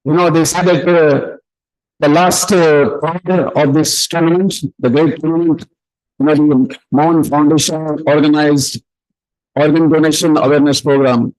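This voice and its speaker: A man's voice: on the high side, fairly even intonation, moderate pace, darkish tone, low-quality recording. A man acting as emcee, introducing speakers at a community event in a rambling way with many fillers.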